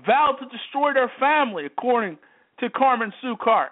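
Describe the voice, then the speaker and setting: A man's voice: very high-pitched, animated, moderate pace. A man hosting a sports talk show, delivering an emphatic, repetitive monologue that keeps hammering the same phrases. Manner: repetitive, emphatic, worked-up commentary. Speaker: sports radio host. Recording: tinny phone-line audio.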